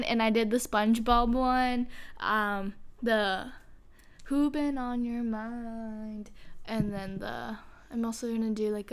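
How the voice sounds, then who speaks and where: A woman's voice: a little high, smooth. A young woman co-hosting a podcast, chatting casually and rambling with lots of fillers and giggles. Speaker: podcast co-host. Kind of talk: casual chat.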